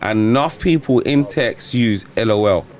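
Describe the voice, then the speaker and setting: A man with a London accent co-hosting a podcast, talking in casual, animated banter. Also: moderate pace. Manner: animated, swings from low mutter to shouting laughter. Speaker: podcast co-host.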